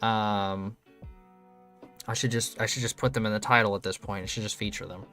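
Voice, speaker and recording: A man's voice: fairly low pitch, steady tone, moderate pace, bright, forceful tone, faint music behind. A young adult man streaming, telling loose, rambling stories with lots of ums and casual swearing.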